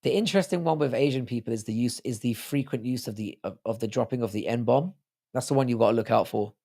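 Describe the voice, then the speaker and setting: A man's voice: mid-range voice, quick pace, gravelly, mellow. A man hosting a livestream, rambling profanely in casual chat and reading out viewer comments. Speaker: livestream host.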